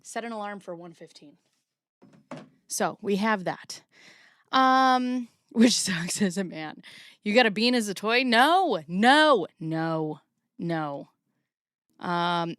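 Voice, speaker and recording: A woman's voice: medium pitch, animated, slow, fairly bright tone, clear, resonant tone, dry recording, clean studio sound. A woman in her forties hosting a casual livestream, chatty and rambling, a little out of breath. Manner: rambling, chatty, self-deprecating. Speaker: streamer host.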